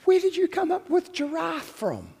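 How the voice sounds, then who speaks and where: A man voicing God as amused and surprised, with a put-on Australian accent and a high, playful delivery. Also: huge pitch swings, moderate pace, gravelly, dark tone, in a large hall, heavily acted. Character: amused, delighted God reacting to animal names.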